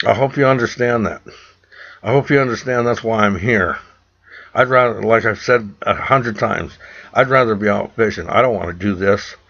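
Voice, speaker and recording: A man's voice: fairly low pitch, normal speed, vocal fry, fairly bright tone. A man from the United States speaking straight to camera in an urgent, preachy rant, often repeating himself. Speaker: vlogger. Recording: dull lo-fi recording.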